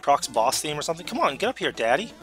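A man with a fairly high voice gives quick, excitable live commentary while playing a video game, talking to himself and letting out sudden yelps. Faint music plays in the background.

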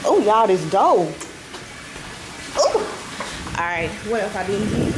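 A woman's voice: mid-range voice, big pitch swings, slow pace, noisy background. A woman vlogger giving a casual house tour, chatting to her viewers and a little out of breath. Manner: chatty, addresses viewers as y'all. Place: large rental house, indoors.

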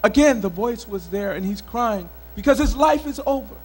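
Animated male storyteller, lively pitch. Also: moderate pace, low-quality recording. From Mali. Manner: expressive, dramatic, repetitive. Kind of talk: oral storytelling performance. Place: country club event.

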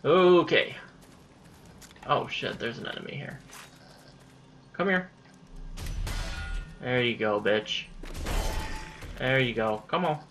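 A man giving casual let's-play commentary during a boss fight, excitable, swearing and yelling at enemies. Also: medium pitch, slow, pauses often, a little hiss or hum. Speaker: gamer playing through a boss fight.

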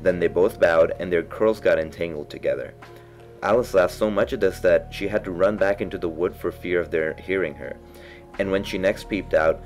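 Deep-voiced man reading a storybook. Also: a little mellow, rough recording. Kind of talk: storybook narration.

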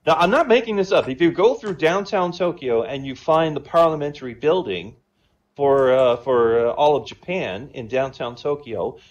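Over a lo-fi voice chat connection, a slightly high-voiced man rattles off joke after joke at a moderate pace. His style is casual and chatty, and he cracks up at his own punchlines.

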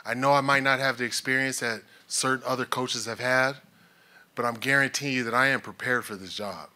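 A man's voice: mid-range voice, fairly even intonation, brisk, pushed and bright. A man speaking as a new head coach at a press conference, fervent and emotional, talking in earnest bursts.

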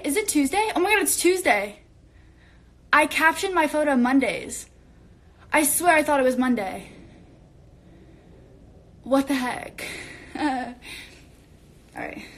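A woman's voice: high-pitched, a bit bright, slight background noise, rough recording. A young woman chatting casually on a phone livestream while she tidies her bedroom, rambling from one thing to the next. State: out of breath. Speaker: social media creator.

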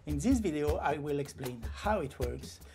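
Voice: medium pitch, expressive, moderate pace, creaky. A flamenco guitar teacher giving an online lesson, explaining patiently and voicing rhythm syllables aloud. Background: faint guitar playing.

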